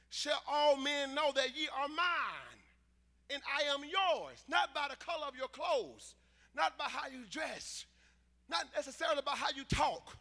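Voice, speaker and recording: A man delivers a passionate sermon in a very high, piercingly bright voice. He stretches key words out slowly, then swings between shouted lines and quiet asides. His voice rings with the long reverb of a church hall. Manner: drawn-out emphatic phrasing. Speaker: preacher.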